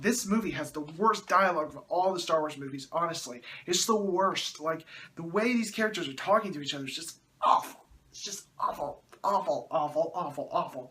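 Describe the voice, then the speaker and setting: A man gives a movie review with plenty of sarcasm and exasperated groans. His voice sits high for a man, and he keeps slipping into mocking asides. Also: pushed and bright, a little hiss or hum.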